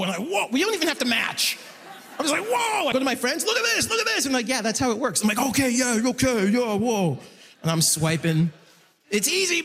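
High, lively man doing stand-up. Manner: animated, loud jokey delivery with voiced characters. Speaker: stand-up comedian. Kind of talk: stand-up comedy set. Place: large concert hall stage. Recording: live hall recording with reverb. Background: audience laughter.

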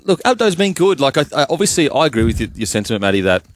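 Hesitant radio co-host. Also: male voice, mid-range voice, very animated, very fast, no echo. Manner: hesitant, full of restarts and fillers. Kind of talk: casual sports radio chat.

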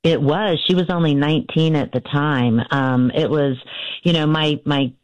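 A woman in her fifties, an author being interviewed, telling a family story earnestly with many pauses and restarts. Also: low-pitched, steady tone, no echo, dull audio. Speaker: author and guest.

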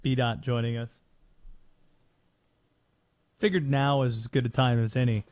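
A man's voice: mid-range voice, steady tone, measured pace, darkish tone. A man hosting a sports radio show, playfully quizzing a guest on slang in casual studio banter. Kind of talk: casual sports talk quiz.

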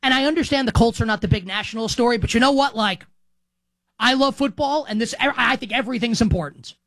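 A man's voice: very high voice, a little fast, a bit bright, dry recording. A man hosting a sports talk show, delivering an opinionated commentary monologue with heavy use of "like".

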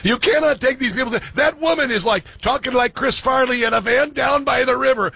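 A man's voice: extremely high pitch, gravelly, breathy edge, no room sound. A man hosting a talk radio show, talking loosely with many fillers and bursts of laughter. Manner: loud, laughing, quick asides, many fillers. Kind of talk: conservative talk radio chat.

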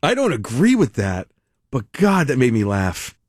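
A man's voice: medium pitch, wildly swooping pitch, unhurried, no room sound, clean studio sound. A man hosting a radio talk show, chatting casually, rambling with restarts and frequent laughter. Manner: rambling, laughing, self-interrupting.

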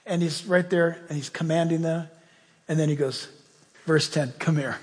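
A male pastor delivers a sermon in church, emphatic and conversational with folksy asides. His voice is a little high and a little mellow, with a steady tone and normal pace, carried by the long reverb of a big hall.

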